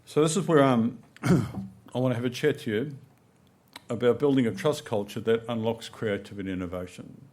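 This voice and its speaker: Middle-aged New man at a conference, easygoing storyteller, mid-pitched voice. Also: normal speed, darkish tone. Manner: conversational, anecdotal, frequent "right?" and "you know". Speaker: conference speaker. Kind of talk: conference presentation. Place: conference hall.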